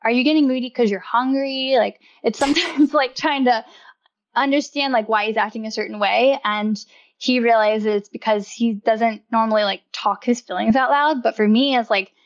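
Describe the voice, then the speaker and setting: A woman's voice: on the high side, steady tone, moderate pace, dull audio. A woman in casual conversation as a guest, talking freely with a lot of "like" and laughing often. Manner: chatty, uses "like" constantly, laughs often. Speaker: podcast guest. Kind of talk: casual chat.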